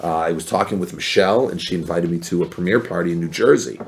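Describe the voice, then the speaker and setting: A man chatting as a podcast guest, telling animated stories and acting out what other people said. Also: low voice, fast talker, creaky, slight background noise. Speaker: podcast guest, former reality show contestant. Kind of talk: casual storytelling chat.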